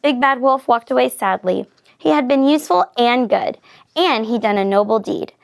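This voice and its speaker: A woman reads a children's picture book aloud with expressive, lively storytelling. Her voice sits fairly high and has a gravelly edge. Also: moderate pace. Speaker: reader.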